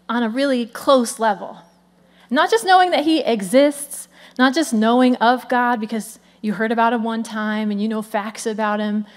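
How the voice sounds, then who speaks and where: A woman in her thirties, the lead pastor, giving a lively conversational sermon with frequent "come on" asides. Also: on the high side.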